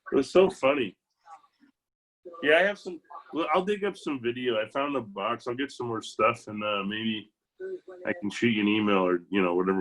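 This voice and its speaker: A man in his late forties, a podcast guest, telling old school sports stories in an easygoing, enthusiastic way. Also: fairly low pitch. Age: late 40s. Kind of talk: casual reminiscing chat.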